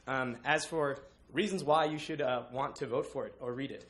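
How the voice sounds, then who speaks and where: A young man presenting a book to his class, halting with many uhs. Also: mid-range voice, fairly bright tone. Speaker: student presenter.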